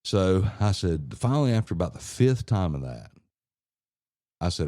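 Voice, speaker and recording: A man's voice: deep voice, big pitch swings, moderate pace, mellow, no echo, studio quality. A man on a podcast telling a casual, profane family story, laughing and acting out what people said. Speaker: podcast co-host.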